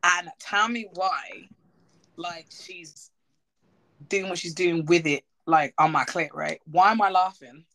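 A woman's voice: fairly low pitch, slow, a bit bright. A woman hosting a podcast, telling candid stories in casual chat and laughing often. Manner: giggly, candid storytelling. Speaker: podcast host.

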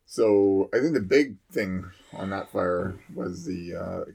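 A man's voice: deep voice, slow, creaky, darkish tone, husky. A man, a firefighter, telling a fire call story in casual chat, rambling with many fillers and restarts.

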